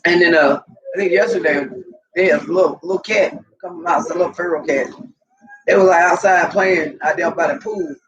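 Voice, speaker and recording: A woman telling animated, profane stories casually to her viewers, laughing often. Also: lowish voice, normal speed, muffled recording. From Southern US. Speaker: vlogger. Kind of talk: casual storytelling to camera.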